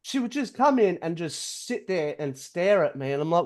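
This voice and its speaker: A man's voice: sits high, big pitch swings, moderate pace, a little mellow. A man co-hosting a podcast, telling crude stories in a laid-back way. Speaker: podcast co-host. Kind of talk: casual podcast banter.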